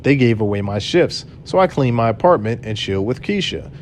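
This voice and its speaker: An unsure, upset young woman who keeps changing her mind, as a man reads her part plainly. The voice sits at a middle pitch with little acting. A faint rumble hums underneath. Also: animated, a little fast, lightly acted.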